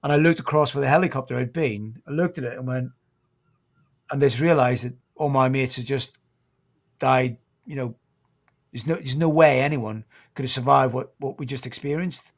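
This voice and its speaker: A British man in his fifties, a former Royal Marine, telling his story in a podcast interview, halting and sombre, his voice catching with emotion at times. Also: medium pitch. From Britain. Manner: halting, restarts often, sombre recounting.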